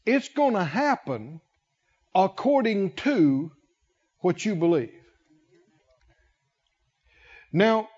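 Male preacher, high-pitched, slow and emphatic, pausing on repeated words. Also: darkish tone, lo-fi sound. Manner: emphatic, repeats key words with long pauses. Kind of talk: sermon.

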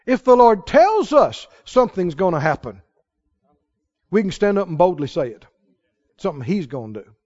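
A man preaching a sermon, dramatic and animated, quoting scripture and building to shouted peaks. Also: high voice, normal speed, highs cut off.

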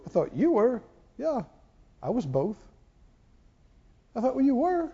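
A man's voice: very high voice, huge pitch swings, a little slow, mellow, breathy edge, muffled recording. A male pastor preaching a sermon, telling his story with animation and leading the congregation in call-and-response prayer.

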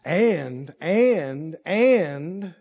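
A man preaching a sermon, shifting from low asides to loud shouted climaxes and stretching out emphatic phrases. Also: animated, slightly rough, muffled recording. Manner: drawls emphatic phrases slowly.

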